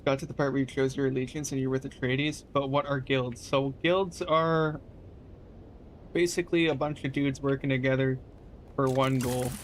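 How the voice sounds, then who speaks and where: A laid-back young man chats on a live game stream, swearing easily and answering his viewers as he plays. His voice sits at an ordinary middle pitch, and a faint low rumble runs under the recording. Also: flat delivery, normal speed. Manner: laid-back, swears casually, talks to chat. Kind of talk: casual live-stream chat.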